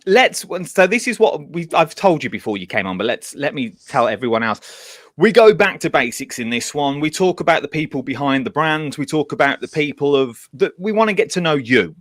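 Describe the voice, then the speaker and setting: A man's voice: a little high, very animated, a little fast, a bit bright, no room sound. A man hosting a casual live stream from a makeshift home studio, speaking, chatty and jokey as he reads out viewer greetings. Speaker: host.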